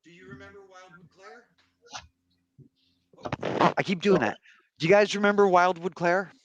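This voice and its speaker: A man co-hosting a casual panel podcast, rambling with many pauses and restarts. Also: sits high, dull audio, background noise. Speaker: podcast co-host.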